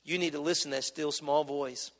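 Male preacher, high voice, impassioned sermon, reverberant church hall. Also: fairly even intonation, a little fast, fairly bright tone. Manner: impassioned, rising and dropping in volume, acting out prayers.

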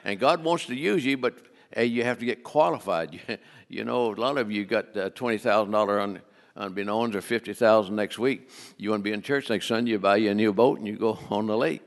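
A man's voice: on the low side, fairly quick, big-room sound. An older man preaching a folksy, joking sermon on giving in a church, full of restarts. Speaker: guest preacher. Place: church sanctuary.

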